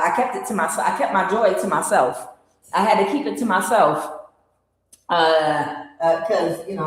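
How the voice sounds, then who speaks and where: A middle-aged woman hosting a tarot channel, telling a story to her viewers in a lively, exclaiming way with frequent laughter. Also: deep voice. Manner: animated, exclaiming, laughing often. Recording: very echoey, reverberant room.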